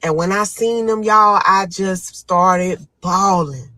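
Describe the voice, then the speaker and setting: A woman's voice: mid-range voice, slow, pushed and bright, dry recording, rough recording. A young woman recounting her own story to listeners, dramatic and vivid, acting out her panicked pleas in a raised voice. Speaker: storyteller guest. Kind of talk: emotional first-person storytelling.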